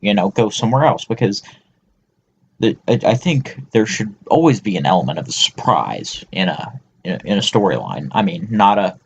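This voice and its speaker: A man's voice: fairly low pitch, big pitch swings, normal speed, a little hiss or hum. A man co-hosting a podcast, ranting profanely in casual chat. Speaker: podcast co-host. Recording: dull lo-fi sound.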